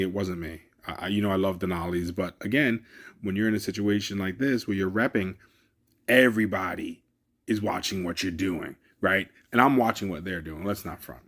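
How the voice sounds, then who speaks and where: A man's voice: lowish voice, darkish tone. A man who deals cars, talking casually and emphatically to his viewers, often addressing them directly. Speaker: car dealer vlogger. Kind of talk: casual talk to camera.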